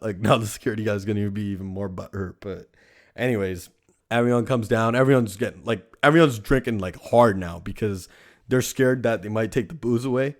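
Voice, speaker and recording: Brisk and medium-pitched, a young man hosts a casual storytelling podcast. Rambling and profane throughout, he caps lines again and again with "right?"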